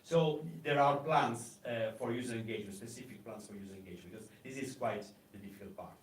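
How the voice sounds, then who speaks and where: Man presenting in an echoey conference room. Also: lowish voice. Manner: halting, many fillers and restarts. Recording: echoey room, mic at a distance, faint noise.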